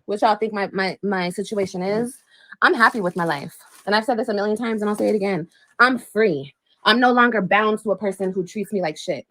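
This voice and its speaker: A woman's voice: mid-range voice, brisk, a bit bright, low-quality recording. A woman ranting on a livestream, confrontational, profane and mocking, speaking straight to her viewers. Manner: addresses viewers directly.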